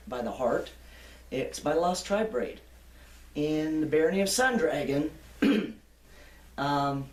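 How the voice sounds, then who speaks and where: A woman's voice: rumbling low, a little mellow. Older woman interviewee, chatty anecdotal storyteller, roomy distant sound. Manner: chatty, anecdotal, laughs easily. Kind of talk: reminiscing storytelling. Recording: echoey room, off-mic.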